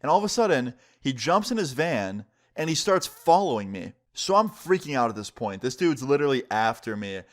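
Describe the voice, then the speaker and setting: A man at an ordinary pitch telling a personal story to his viewers. His delivery is casual and earnest, loosely built and full of fillers. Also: big pitch swings, normal speed, few pauses. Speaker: storytime vlogger.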